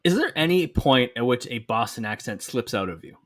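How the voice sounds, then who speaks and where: A man hosting a podcast in casual chat, relaxed, leading the rundown with dry jokes. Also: medium pitch, a little fast, dry recording. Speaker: podcast host.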